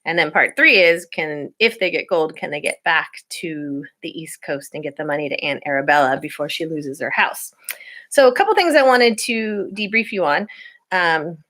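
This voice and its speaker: A woman's voice: sits low, expressive, moderate pace, sharp tone. A woman teacher reading a novel aloud to her students at home, telling the story expressively and then chatting through class reminders with fillers.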